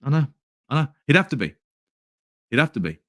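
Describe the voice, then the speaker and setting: Furious sweary Australian football fan. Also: male voice, sing-song, fairly quick, dry recording, clean studio sound. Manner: angry, sweary, swings from shouting to low mutters. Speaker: fan channel host. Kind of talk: ranting match review, reading live chat.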